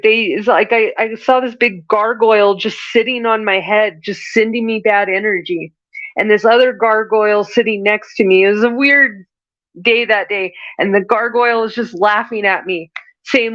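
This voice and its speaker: A woman delivers a spiritual reading to her listeners in an earnest, preachy way, often circling back and restarting her sentences. Her voice sits at an ordinary middle pitch. The sound is dry and a little muffled. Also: fairly even intonation, normal speed, no echo. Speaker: spiritual reader and podcast host. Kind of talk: channeled spiritual message monologue.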